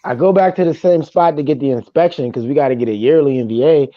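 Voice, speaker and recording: A man's voice: medium pitch, fast talker. A man co-hosting a casual sports podcast, ranting in exasperation. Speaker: podcast co-host. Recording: dull muffled dry mic.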